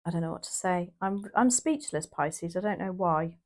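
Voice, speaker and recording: A woman's voice: on the low side, moderate pace, darkish tone. A woman from the UK doing a casual, emotional tarot reading, rambling with restarts and exclamations. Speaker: tarot reader.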